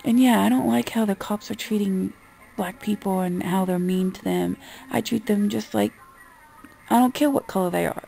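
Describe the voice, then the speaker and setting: A woman's voice: medium pitch, moderate pace, gravelly, warm tone, soft background music. A woman vlogger in a casual, exasperated rant, talking bluntly and swearing freely. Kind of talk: casual ranting monologue.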